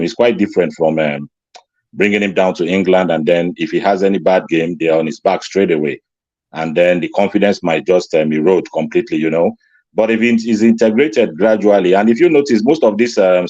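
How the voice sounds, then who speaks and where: A man speaking as a guest on a casual live stream, laying out his views with "um" pauses. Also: deep voice, warm tone, no room sound, dull audio. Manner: measured, reasoned speech with "um" pauses. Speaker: guest commentator. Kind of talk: casual chat.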